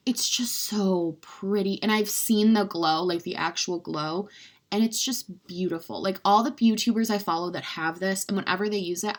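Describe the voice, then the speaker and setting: A young woman talks straight to camera in a loose, chatty way. She rambles, fills her sentences with "like," and gushes while poking fun at herself. Her voice sits at an ordinary middle pitch. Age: young adult. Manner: rambling, chatty, heavy use of "like"; gushing, self-mocking. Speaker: beauty vlogger. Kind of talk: casual chat.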